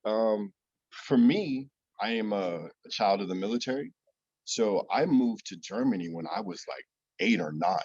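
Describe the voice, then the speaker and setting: A man's voice: fairly low pitch, very animated, normal speed, creaky, darkish tone, husky, dry recording, dull audio. A man speaking casually on a panel, telling stories with easy laughs. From United States.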